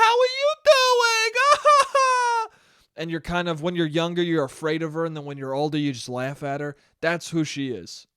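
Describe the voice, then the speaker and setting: A young man hosts a solo podcast, ranting casually with heavy swearing and animated, mocking impressions of relatives in shrill voices. His voice is smooth, and the recording is dry with clean studio sound.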